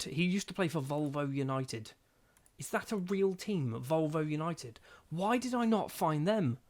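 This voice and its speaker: A young man giving casual let's-play commentary, chatty and thinking aloud, often questioning himself mid-sentence. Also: mid-range voice. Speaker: gaming channel host.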